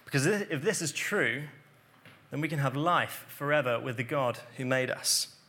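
In a mid-range voice at a moderate pace, a man preaches, earnestly working through scripture. Key points get a softer, quieter emphasis.

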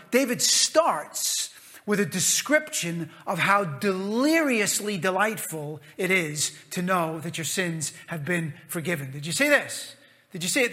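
A middle-aged American man preaching a sermon with passion, repeating phrases and swinging between loud exclamations and hushed asides. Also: sits high. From United States. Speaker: pastor.

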